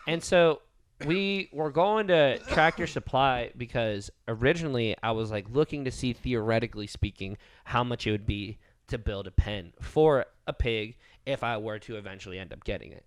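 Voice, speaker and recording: A man's voice: medium pitch, brisk, clear, resonant tone, dry recording. A man, co-hosting a podcast in a loose, profane storytelling way. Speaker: podcast co-host. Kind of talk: casual podcast chat.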